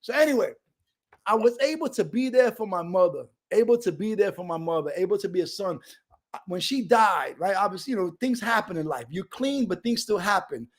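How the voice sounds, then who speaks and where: Animated New man sharing his recovery story. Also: high voice, brisk. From Brooklyn, New York. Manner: animated, streetwise, emphatic. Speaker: recovery speaker. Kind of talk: recovery testimony share. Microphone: video call.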